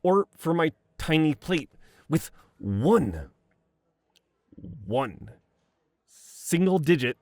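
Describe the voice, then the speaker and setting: A man's voice: a little high, sing-song, very slow, pauses often, no echo, clean studio sound. A young man playing a boyfriend in a romantic voicemail role-play, reminiscing fondly, laughing often and swearing casually.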